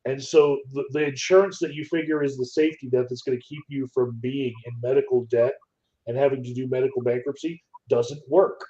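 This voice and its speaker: A man speaks in a measured, deliberate way during a casual chat. His voice is mellow and dark, middle in pitch. The recording is dull and lo-fi. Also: steady tone. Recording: dull lo-fi audio.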